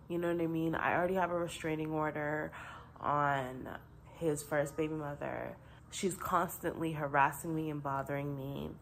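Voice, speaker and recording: Gravelly low-voiced young woman vlogger. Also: slight background noise. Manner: frustrated, blunt and profane. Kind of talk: casual vlog rant.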